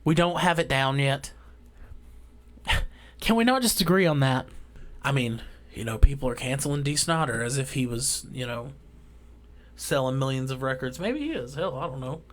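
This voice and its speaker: A man with a drawl delivering a heated, profane ranting monologue as a vlogger, swinging between loud outbursts and quiet asides. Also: mid-range voice, animated, normal speed, long pauses.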